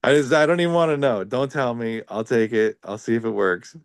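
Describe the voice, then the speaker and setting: A man's voice: mid-range voice, normal speed, clean tone, dry recording, studio quality. A man talking casually on a podcast about living with epilepsy, rambling with lots of filler words and a wry, joking manner. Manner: rambling, heavy use of "like" fillers.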